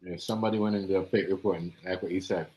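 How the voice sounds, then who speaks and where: A man in casual conversation drives his points home with emphasis. He keeps checking that the listener follows him, and his voice is low. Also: steady tone, quick pace, dull audio, a little hiss or hum. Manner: emphatic, keeps asking "you see what I'm saying". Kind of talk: casual chat.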